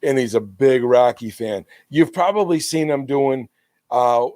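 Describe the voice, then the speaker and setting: A man co-hosting a casual podcast, telling stories with animated, laughing energy. His voice sits in the middle of the male range and is recorded dry and close on a podcast mic. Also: mid-range voice, measured pace, no room sound. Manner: animated storyteller who laughs while retelling. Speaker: podcast co-host. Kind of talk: casual chat. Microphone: podcast microphone.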